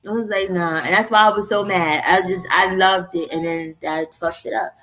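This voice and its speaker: A woman's voice: mid-range voice, moderate pace, soft background music. A woman hosting a casual mukbang chat, telling stories animatedly and acting out what people said. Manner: animated storytelling, acts out quotes. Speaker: host.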